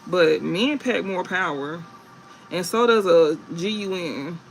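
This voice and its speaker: A man's voice: sits high, lively intonation, takes it slowly, vocal fry, noisy background. A man giving a live tarot reading, blunt and profane, laughing often and repeating points for emphasis. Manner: emphatic repetition. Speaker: tarot reader.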